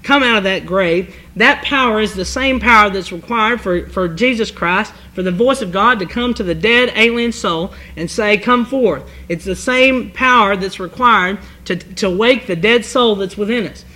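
A male preacher reads scripture and then works through its meaning in earnest, halting speech, restarting his sentences as he goes. His voice sits high and bright, with a crisp, forward edge. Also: rough recording. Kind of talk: sermon reading scripture and expounding.

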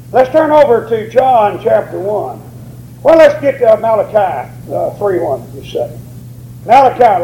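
A man's voice: high voice, creaky, warm tone, roomy sound, slight background noise, poor audio. A man preaching a sermon, drawing out key words and rising on them for emphasis.

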